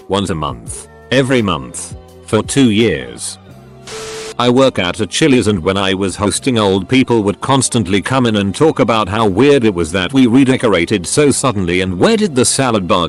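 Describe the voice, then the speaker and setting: A man narrating online stories in a scripted voice-over, briefly acting out the customers and workers in each story. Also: fairly low pitch. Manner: lively storytelling, acts out customers' lines. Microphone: studio voice-over mic. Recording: faint background music.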